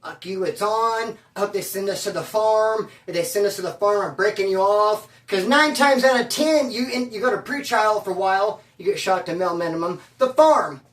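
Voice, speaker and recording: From a distance in an echoey room, a man with a high-pitched, slightly bright voice tells a prison story. It's casual spoken storytelling, loose and slangy, and he acts out the people he quotes.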